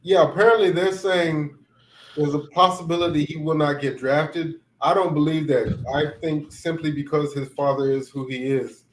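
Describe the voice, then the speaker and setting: A man's voice: fairly high pitch, fairly even intonation, moderate pace, reverberant, a little hiss or hum, rough recording. A man co-hosting a podcast, chatting casually and often hesitating while he searches for words. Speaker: podcast co-host. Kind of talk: casual chat.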